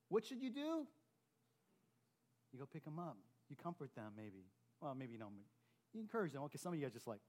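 Animated male pastor giving a sermon. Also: high-pitched. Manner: animated, acts out quoted remarks with rising emphasis. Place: church.

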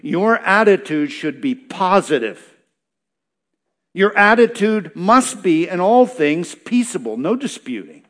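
Male pastor, slightly high pitch, expository sermon, emphatic and repetitive delivery. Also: sing-song, slow pace, fairly bright tone. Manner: expository preaching, reads verses then explains, emphatic repetition.

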